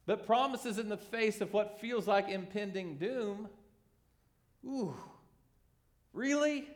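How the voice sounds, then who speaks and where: A man preaching a sermon, animated and conversational, acting out the voices in his examples. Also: high-pitched, slow. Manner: animated, acts out quoted voices. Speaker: pastor.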